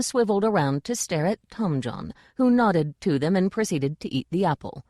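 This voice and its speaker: Woman reading a fantasy audiobook, pretty low voice, super dry close sound, just steady storytelling. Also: normal speed, hardly any pauses, no echo. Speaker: audiobook narrator. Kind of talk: scripted narration.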